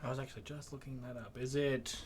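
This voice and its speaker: A man at the gaming table talks quickly and casually, asking about the rules as he goes. His voice sits at an ordinary pitch, with a faint hiss under the recording. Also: steady tone. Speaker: player. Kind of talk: playing a tabletop game.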